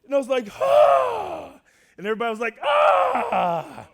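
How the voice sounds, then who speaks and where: A man preaching a sermon to a church, telling a personal story in an animated way that swings between loud and hushed. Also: extremely high pitch, rapid-fire, clean tone.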